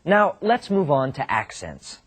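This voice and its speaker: Husky animated man narrating a lesson. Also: on the high side, unhurried, soft background music. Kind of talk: scripted instructional narration.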